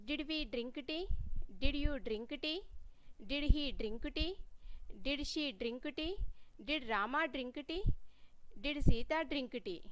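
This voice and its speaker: A woman teaching a grammar lesson in a measured, scripted way, reading example sentences one by one. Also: high voice, fairly bright tone, rough recording. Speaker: English teacher.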